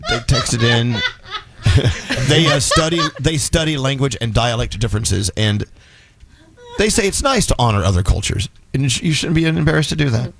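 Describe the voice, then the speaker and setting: A man's voice: medium pitch, moderate pace, vocal fry. A man hosting a morning radio show, telling stories and laughing through casual banter. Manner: laughing, lively storytelling.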